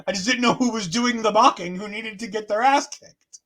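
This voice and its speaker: A man's voice: sits high, brisk, pushed and bright. A man co-hosting a casual wrestling chat show, joking with sarcastic mock outrage. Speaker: wrestling podcast co-host.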